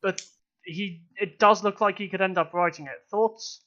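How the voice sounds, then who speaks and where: Young male podcast co-host, high voice, laughs and swears a lot, muffled lo-fi sound. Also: bright, forceful tone. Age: young adult. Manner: laughs often, swears, quick asides. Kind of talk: casual chat. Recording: dull lo-fi audio.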